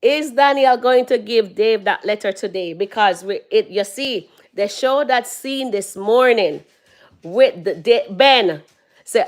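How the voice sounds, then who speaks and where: Woman, mid pitch, phone live-stream host reading comments, chatty with loud laughs. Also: a little slow. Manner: chatty, reads out viewer comments, laughs loudly. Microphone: phone held at arm's length.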